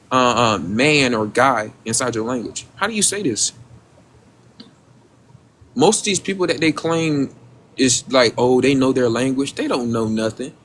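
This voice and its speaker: A man's voice: mid-range voice, fairly bright tone, a little hiss or hum. A man hosting a casual livestream. He talks in rhetorical questions, addresses his audience directly, and stumbles over repeated words when searching for what to say. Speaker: livestream host.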